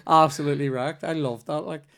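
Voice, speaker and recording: A man's voice: fairly high pitch, steady tone, fairly quick, a bit bright. A young man with a Belfast accent, hosting a podcast and telling rambling, sweary stories in casual chat. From Northern Ireland. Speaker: podcast host.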